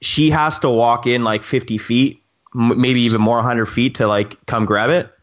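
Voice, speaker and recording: A man telling a long story in casual chat with friends, rambling and animated with many restarts. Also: mid-range voice, moderate pace, lo-fi sound. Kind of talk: casual chat among drone pilots.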